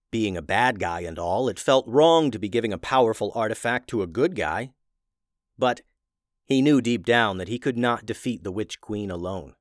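A man reading a children's fantasy storybook aloud in a steady, expressive voice. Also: medium pitch, no echo, studio quality.

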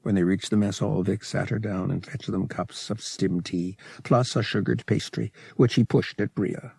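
A man narrates a novel in a low, gravelly voice. His storytelling is measured and expressive, with a slightly husky edge. The sound is dry and close. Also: no echo. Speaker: audiobook narrator.

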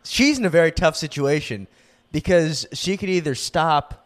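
A man's voice: a little high, expressive, normal speed. A young man co-hosting a podcast, chatting casually and joking in a laid-back way. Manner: laid-back, joking, lots of "you know what I mean". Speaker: podcast co-host. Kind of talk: casual chat.

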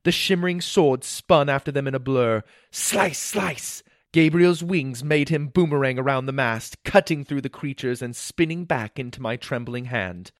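A man's voice: medium pitch, normal speed, hardly any pauses, no room sound, clean studio sound. Man narrating an adventure storybook. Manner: animated, voices sound effects.

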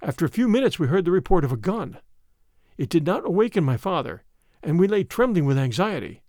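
A man narrating a classic tale as an audiobook reading, in an expressive, dramatic manner. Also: high-pitched, a little fast, dry recording, clean studio sound.

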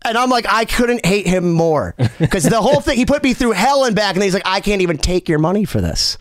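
A man, a music producer, telling a story in an animated way, laughing and acting out the people he quotes. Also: high voice, fairly quick, no room sound, studio quality. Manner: excitable, laughing, acts out quoted voices.

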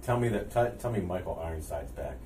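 Low-voiced, wisecracking co-host man. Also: expressive, a little fast, mellow. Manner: dry wisecracks. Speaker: podcast co-host. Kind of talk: casual chat. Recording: roomy, distant mic with faint noise.

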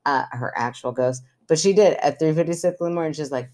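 Woman in her 30s from kentucky, low voice, teasing and laughing, swears a bit, casual podcast chat. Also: fast, a little mellow. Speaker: podcast co-host.

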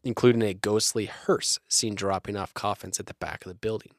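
A man's voice: on the low side, steady tone, brisk, no room sound, clean studio sound. A young man co-hosting a podcast, reading his research notes steadily between jokes. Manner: reads notes steadily, breaks into joking voices. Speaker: podcast co-host. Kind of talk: reading research with comedic banter.

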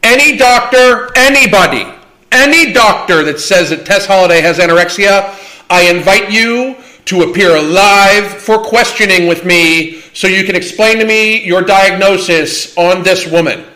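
Profane, combative man with a high voice. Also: a little slow, pushed and bright. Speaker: livestream host. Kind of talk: livestream Q&A rant.

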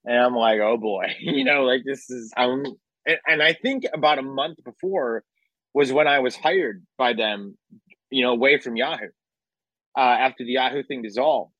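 A man recounts a story in an animated, chatty way, acting out each quote and swearing casually. His voice sits at a middle pitch. The sound is close and dry, with no room echo. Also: normal speed. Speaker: radio host telling a story.

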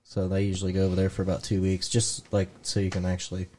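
A man's voice: deep voice, monotone, quick pace, mellow, a little hiss or hum. A man hosting a casual podcast, joking around and swearing freely. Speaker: podcast host. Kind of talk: casual chat.

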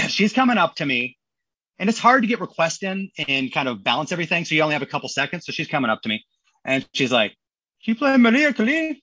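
A man in his thirties, a podcast guest telling stories in a casual, animated way and acting out the people he quotes. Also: a little high, quick pace, breathy edge, dry recording, rough recording. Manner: animated, acts out quotes in voices. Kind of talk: casual storytelling.

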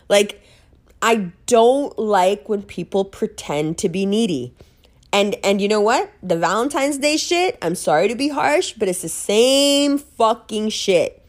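A woman telling a story in a casual monologue, blunt and animated, swearing freely and laughing often. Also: on the high side, moderate pace.

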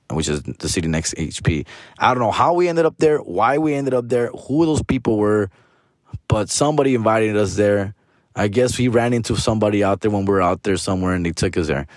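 A man's voice: fairly low pitch, no echo, clean studio sound. Profane Chicano man spinning a rambling story. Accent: Chicano English from Los Angeles. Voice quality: slangy, profane, mixes in Spanish. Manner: rambling, trails off and restarts, says "fool" and "dog" often. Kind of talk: casual storytelling monologue.

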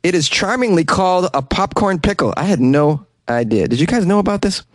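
A man's voice: fairly high pitch, lively intonation, fairly quick, dry recording. Dry-voiced man joking through news stories. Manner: joking, sarcastic, casual swearing. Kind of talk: casual commentary on news stories.

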